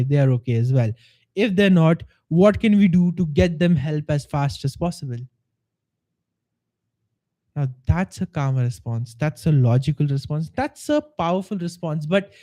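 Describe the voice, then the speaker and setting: A man's voice: high voice, dark tone. A man coaching live on a stream, earnest and explanatory, acting out the voices of the people in his examples. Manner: earnest, acts out quoted voices. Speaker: life coach. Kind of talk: live-streamed motivational talk.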